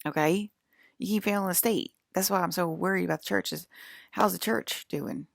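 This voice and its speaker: Brief: woman in her 40s, stream host, very gravelly and low, close dry sound, angry profane rambling. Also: moderate pace, no echo. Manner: rambling with frequent restarts. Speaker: livestream channel host. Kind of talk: rambling spiritual livestream monologue.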